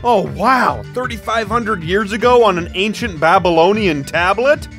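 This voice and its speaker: A man narrating and playing the lead in an animated joke cartoon, animated and exclaiming. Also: sits high, normal speed, music in the background. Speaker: cartoon narrator and main character.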